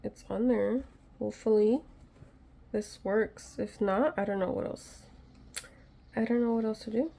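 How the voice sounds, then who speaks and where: Her voice is on the high side and a little slow, dark with vocal fry, long pauses, and slight background noise. She's a craft vlogger chatting to viewers during a home repair, nervous and teasing herself about her methods.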